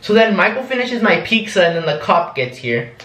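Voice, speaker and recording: A man's voice: sits high, very animated, a little fast, fairly bright tone, roomy sound, poor audio. A young man recounting a story in a rambling, casual vlog, full of "like" and "um". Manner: rambling, lots of "like" and "um". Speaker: vlogger.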